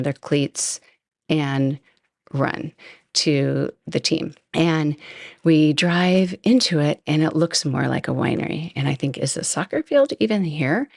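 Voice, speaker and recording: A woman's voice: deep voice, no room sound, clean studio sound. A woman hosting a podcast, telling a personal story in a chatty, self-deprecating way. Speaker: podcast host. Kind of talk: storytelling monologue.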